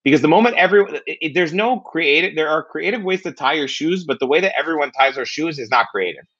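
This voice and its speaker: Fast, animated husky-voiced man. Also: on the high side, highs cut off. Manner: animated, fast, repeats "right?". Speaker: podcast guest. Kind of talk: casual chat.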